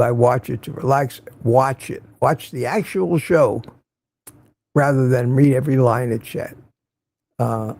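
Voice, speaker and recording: A man's voice: medium pitch, creaky, mellow, slightly rough. An older man hosting a casual morning livestream, greeting viewers by name and making wry asides. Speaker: livestream host.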